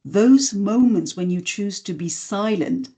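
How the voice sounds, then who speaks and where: A woman, a voice and communication skills trainer, explaining communication habits in a podcast interview in a measured, instructive way. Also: medium pitch, expressive, mellow. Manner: measured, instructive, demonstrates intonation examples.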